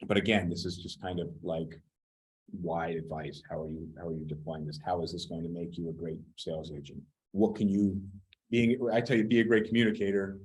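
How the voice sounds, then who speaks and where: Blunt, low-voiced man giving casual training. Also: flat delivery, brisk, darkish tone, low-quality recording. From United States. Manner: blunt, swears casually, critiques advice. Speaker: real estate trainer.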